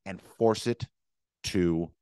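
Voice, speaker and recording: A man's voice: deep voice, takes it slowly, darkish tone, clear, resonant tone, no echo, clean studio sound. A young man giving an emphatic history lecture, repeating words and speaking for both sides in first person. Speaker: history teacher.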